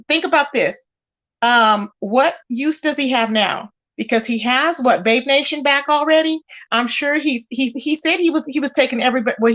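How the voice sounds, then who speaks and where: A woman hosting a casual live stream, animated, greeting viewers with pet names. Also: a little high. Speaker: host of a live commentary channel.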